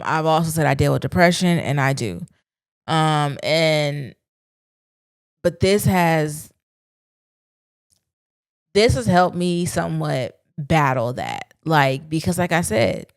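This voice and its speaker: Low-voiced candid woman podcaster. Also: gravelly, no room sound, clean studio sound. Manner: candid, conversational, speaks her mind with slang. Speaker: podcast host. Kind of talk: solo reflective podcast monologue.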